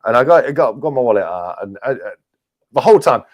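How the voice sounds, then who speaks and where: A man's voice: mid-range voice, very animated, fast, a little hiss or hum. English man telling a chatty story. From England. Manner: chatty, laughs through his anecdotes. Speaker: livestream guest. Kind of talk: casual storytelling.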